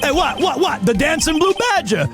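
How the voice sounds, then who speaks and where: A man voicing a loud, excitable, bumbling male police detective in a video game, with tough-guy wisecracks that end in "eh?". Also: very high-pitched, music in the background. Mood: boastful. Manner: shouty, rapid-fire. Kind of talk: video game voice-acting on a stream.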